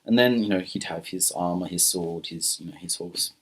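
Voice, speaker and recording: Guy making up a story as he goes, rambly, lots of "you know", husky voice. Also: sits low, normal speed, fairly bright tone. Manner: casual, rambling, many fillers and restarts. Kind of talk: improvised spoken storytelling.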